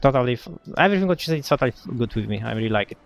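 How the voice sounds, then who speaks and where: A man in casual voice chat as a raid guild applicant, earnest and agreeable, halting and searching for words with many restarts. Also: medium pitch, animated, creaky, soft background music.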